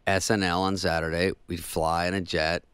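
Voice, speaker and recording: Guy comedian, lowish voice, dry studio mic, deadpan storytelling. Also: clear, resonant tone, no room sound. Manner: dry storytelling, mimics others in quick voices. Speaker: comedian guest. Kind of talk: casual talk-show anecdotes.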